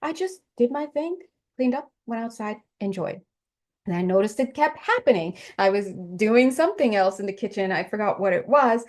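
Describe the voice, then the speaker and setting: A woman giving a casual spiritual talk, chatty and laughing, often jumping into high excited exclaims. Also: normal speed. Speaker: spiritual reader.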